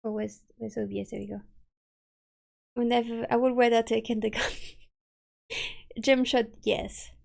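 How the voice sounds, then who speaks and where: A woman with a slightly high, gravelly voice chatting casually on a live stream. She giggles often and reads chat aloud in a loose, chatty way, talking into a desk mic at home. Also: fairly even intonation, normal speed, pauses often.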